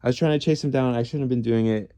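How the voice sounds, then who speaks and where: A man's voice: mid-range voice, fast, warm tone, smooth, no room sound. A man in his thirties, a former police officer, telling rambling stories in casual chat, swearing and putting himself down, with many restarts. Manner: rambling, swearing, self-deprecating with frequent restarts. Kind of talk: casual storytelling.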